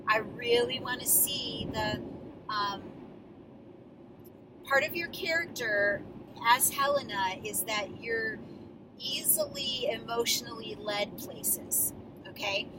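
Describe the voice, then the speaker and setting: A woman giving a drama coach's feedback to her student actors, patient and explanatory, often pausing on fillers as she works through a script. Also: fairly high pitch, big pitch swings, recorded from a distance, background noise. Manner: encouraging, explanatory, with many fillers.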